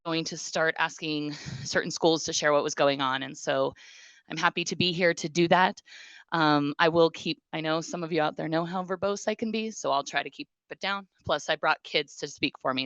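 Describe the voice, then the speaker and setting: A woman in her forties speaks to a school board in a low, clear, bright voice. She is talkative and heartfelt, with frequent ums and small restarts. The sound is dry and close. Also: no echo, rough recording. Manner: talkative, warm-hearted, emotional, with many ums. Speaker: teacher and union president. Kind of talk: speech at a school board meeting.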